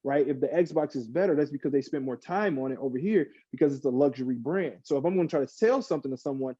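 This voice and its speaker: Man, podcast guest, animated rant, mellow voice, dull lo-fi sound. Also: a little high, fast talker, slightly rough, dry recording. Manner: animated, rants with mock quotes. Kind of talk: casual chat.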